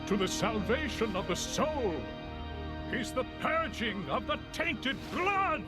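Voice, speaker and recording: Zealous male cult preacher, slow and drawn out, over loud music. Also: extremely high pitch, big pitch swings, exaggerated voice. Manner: grand, zealous proclamation. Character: fanatical male cult preacher proclaiming doom. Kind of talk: video game cutscene acting.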